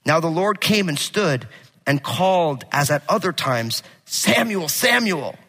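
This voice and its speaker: Bright-voiced male pastor preaching in a hall. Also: a little high, unhurried. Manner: animated storytelling, casual and joking. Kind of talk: sermon. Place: church sanctuary. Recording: long hall reverb.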